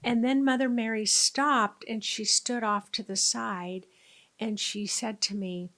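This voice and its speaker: A woman's voice: fairly high pitch, fairly even intonation, measured pace, fairly bright tone. A woman who works as a spiritual healer and was once a nurse, telling a story to camera. She talks with animation, acts out quoted lines and sometimes drops to a near whisper.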